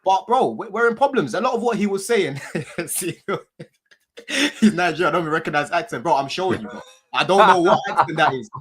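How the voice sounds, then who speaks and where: A man's voice: sits high, lively intonation, quick pace, a bit bright. A man, casually talking football on a fan podcast, slangy and given to swearing and repeating himself. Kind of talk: casual banter.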